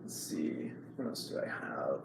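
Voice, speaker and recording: A man chatting casually on a live stream. He talks haltingly, with frequent ums and restarts, and answers chat messages as he goes. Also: rumbling low, big pitch swings, creaky, roomy sound, background noise.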